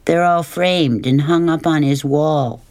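A man doing a quiet, withdrawn boy. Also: on the high side, slow pace, smooth, dry recording, pitched above the performer's own voice. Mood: subdued. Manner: subdued, terse.

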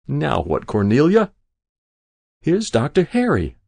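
An anxious grown daughter at her mother's bedside, gentle and coaxing, read by a male narrator. The voice is husky and creaky, with a lively rise and fall. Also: on the high side, takes it slowly, voice pushed up, full character voice.

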